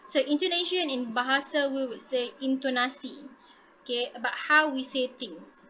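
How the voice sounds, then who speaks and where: A teacher runs an online class through a laptop mic. She talks in a high, bright voice, keeps checking in with "okay," and mixes in Malay words. The call audio is a little dull, with a faint hiss behind it. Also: normal speed. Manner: encouraging, repeats "okay" often, mixes in Malay. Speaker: English teacher. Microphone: laptop mic on a video call.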